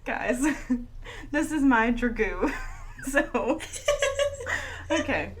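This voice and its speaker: A woman's voice: fairly high pitch, lively intonation, extremely slow, a crowd in the background. A woman co-hosting a podcast, telling a story in a casual, chatty way and laughing often. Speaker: podcast co-host. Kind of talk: casual chat.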